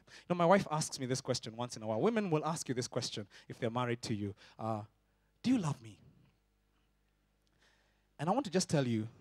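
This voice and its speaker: A man, preaching a sermon and swinging between loud shouts and soft, close tones. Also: mid-range voice, no room sound. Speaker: pastor.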